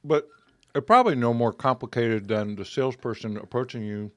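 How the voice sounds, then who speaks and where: A man's voice: medium pitch, fairly quick, dry recording, studio quality. A man co-hosting a casual podcast conversation, talking things through and reading out listener questions. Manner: conversational, reads listener questions, acts out sales dialogue. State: talking with food in his mouth. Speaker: podcast co-host.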